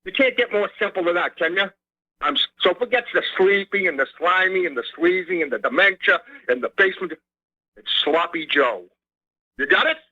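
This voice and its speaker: A man's voice: sits high, very animated, fairly quick, creaky, bright, forceful tone, full character voice. A man on a phone call doing an impression of an older male presidential candidate with a Boston accent, rambling and scolding. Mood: testy. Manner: rambling, scolding, repeats himself. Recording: muffled phone line.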